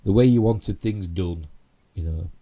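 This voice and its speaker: A man from Yorkshire, England, hosts a casual live stream, rambling through geek news with lots of "you know" and tag questions in his Yorkshire accent. His voice is deep and warm, and he speaks at a measured pace.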